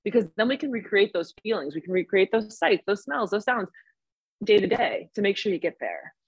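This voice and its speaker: A woman with a New York accent, a mental performance coach explaining things step by step in an energetic podcast interview. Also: medium pitch, fairly quick, breathy edge, lo-fi sound. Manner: energetic, explains in steps with examples.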